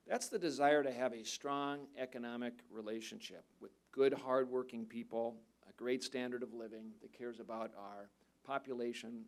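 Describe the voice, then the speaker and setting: A man's voice: medium pitch, darkish tone. A man, a politician, giving earnest, conversational panel remarks at a seminar with touches of light humor. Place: seminar venue.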